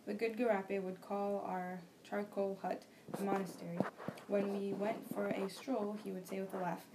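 A young woman reading a novel aloud for a class discussion, steady and plain, with small slips and restarts. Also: medium pitch, normal speed. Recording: faint background noise.

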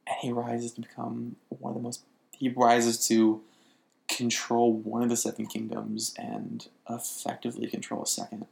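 A man co-hosting a casual chat, animated, swearing now and then and laughing often. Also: mid-range voice, creaky. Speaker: podcast co-host.

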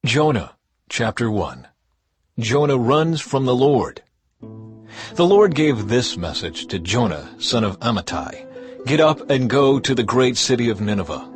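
Male voice, scripted audio-drama narrator, lively intonation, music bed. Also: medium pitch. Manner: dramatic, measured storytelling.

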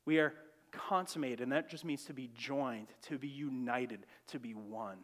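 A man preaching a sermon, reading scripture with rising emphasis and then dropping into quiet reflection, in a church sanctuary. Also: medium pitch, moderate pace. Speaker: pastor. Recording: long church reverb.

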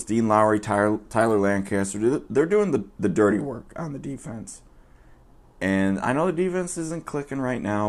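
A man's voice: lowish voice, creaky. A man guest-hosting a sports fan podcast, talking in a casual, profane, rambling and joking way.

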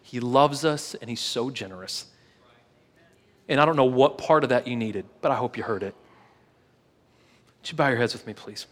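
A man preaching a casual, earnest sermon to a live church service, telling a personal story and then leading a hushed prayer with many repeated words. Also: mid-range voice, normal speed, long pauses, long reverb tail. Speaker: pastor.

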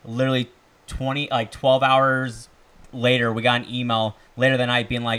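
A man in his twenties who's a student and bartender chats casually as a podcast guest, telling stories fast with lots of "like" and "literally." His medium-pitched voice is a bit bright and clean, with a flat delivery.

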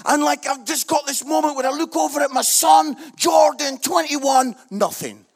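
A middle-aged man, telling a funny family story as a sermon, moving from hushed lines to shouted ones. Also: very high-pitched, little pitch movement, normal speed, soft background music. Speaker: preacher.

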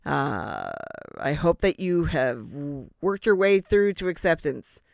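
A woman's voice: sits low, sing-song, slow, creaky, darkish tone, no echo, studio quality. A woman hosting a casual sports podcast, rambling and self-deprecating with lots of fillers. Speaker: podcast host.

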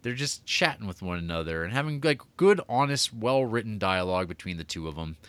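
A man co-hosting a casual podcast, rambling about horror movies with lots of fillers, swearing and excited tangents. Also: lowish voice, brisk, clean tone, dry recording. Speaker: podcast co-host reviewing movies. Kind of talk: casual chat.

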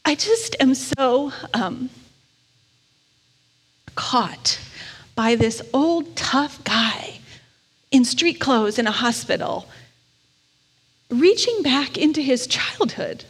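A woman chaplain telling a personal story in a gentle storytelling sermon. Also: high-pitched, expressive, slow, long pauses, breathy edge. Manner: gentle storytelling, briefly emotional. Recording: long reverb of a large hall.

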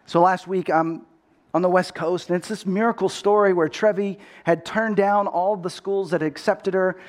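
A middle-aged male pastor from Texas delivers a sermon in a noticeably high voice. He tells his story earnestly and often repeats the first word of a phrase as he goes. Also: steady tone, moderate pace.

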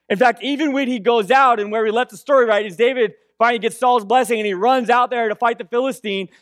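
A young man preaches in a loose, conversational way, constantly tagging his points with a questioning "right?". His voice sits high for a man. The sound is close and dry. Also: a bit bright, no echo. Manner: conversational, repeats "right?" often. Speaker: pastor. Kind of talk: sermon.

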